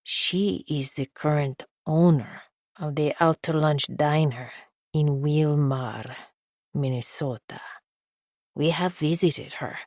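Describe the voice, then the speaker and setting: A woman's voice: low-pitched, measured pace, no echo, studio quality. A woman narrator voicing a cold male hitman who speaks with careful, precise enunciation in an audiobook.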